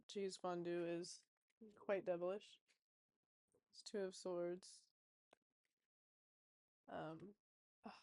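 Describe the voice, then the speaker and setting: A woman's voice: on the low side, warm tone, no room sound. A woman in a casual vlog as a tarot reader, chatty and rambling with many fillers.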